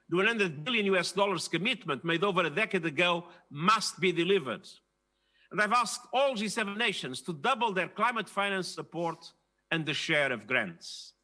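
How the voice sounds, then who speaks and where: A man delivering a formal prepared speech to a virtual conference in an emphatic, measured and rhetorical way. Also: sits high, bright, forceful tone. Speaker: UN leader giving a speech.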